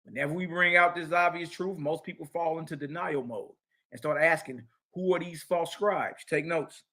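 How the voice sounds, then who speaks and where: A religious teacher with a fairly high, pushed, bright voice delivers a heated scripture lecture at a moderate pace. He taunts and confronts his audience, slips in slangy comments, and keeps circling back to key phrases.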